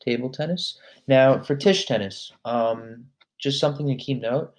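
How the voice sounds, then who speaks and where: A man hosting a casual vocabulary lesson. He talks in a relaxed way, fills pauses with "um", and says each word slowly and then repeats it. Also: medium pitch. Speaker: language lesson host.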